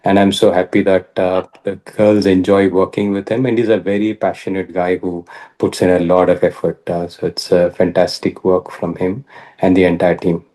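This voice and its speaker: Low mellow-voiced Indian man, halting. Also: flat delivery. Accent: Indian English. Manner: measured, many pauses and "uh" fillers. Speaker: badminton coach. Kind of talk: interview answers.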